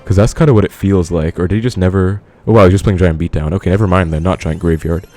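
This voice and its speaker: A man's voice: deep voice, fairly even intonation, fast, darkish tone, faint music behind. A man giving casual live commentary on his own game, thinking aloud and talking to viewers as he plays. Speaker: gaming commentator.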